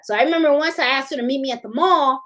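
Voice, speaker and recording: On a live sewing stream, a middle-aged woman talks very fast in a slightly high, fairly bright voice. She chats casually, drifting from one story to the next, laughing easily and pausing to respond to viewer comments.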